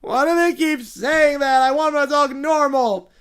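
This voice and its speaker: Man doing a pint-sized pampered furry monarch, high-pitched and loud, whining nonstop. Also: steady tone, measured pace. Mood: demanding. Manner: whining, petulant, demanding. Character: spoiled tiny furry royal creature, whiny. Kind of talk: read-aloud donation story.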